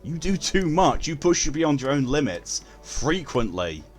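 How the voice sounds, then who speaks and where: A man's voice: fairly high pitch, very animated, a little slow, faint music behind. A man chatting casually with viewers while streaming a game, blunt and given to swearing. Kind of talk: casual live-stream chat.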